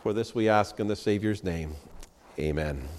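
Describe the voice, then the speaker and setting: A man's voice: lowish voice, normal speed, a little mellow, big-room sound, slight background noise. A middle-aged man preaching a sermon as pastor, reading scripture in earnest and talking it over with frequent "uh" fillers. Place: church sanctuary.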